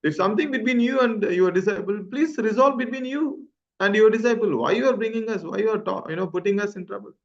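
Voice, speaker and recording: A man's voice: high-pitched, lively intonation, fairly quick, gravelly. A man voicing a distressed young married woman who pleads and complains, over a muffled lo-fi video call. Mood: pleading.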